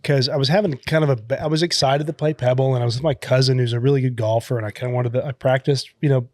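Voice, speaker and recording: Man co-hosting a chatty podcast, mid-pitched, dry close sound, tells loose stories with lots of restarts and acted-out quotes. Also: fairly even intonation, fast talker, darkish tone, no room sound. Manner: rambling storyteller, many restarts; acts out quoted voices. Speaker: podcast co-host. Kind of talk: casual chat.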